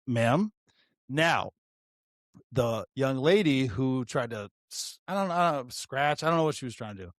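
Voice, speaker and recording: A man co-hosting a podcast, telling a story in loose, animated chat. He swears often and trips over his own restarts as he goes. His voice sits at an ordinary mid pitch and sounds close and dry, with no room echo. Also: normal speed. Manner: profane, animated, frequent restarts. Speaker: podcast co-host, retired deputy.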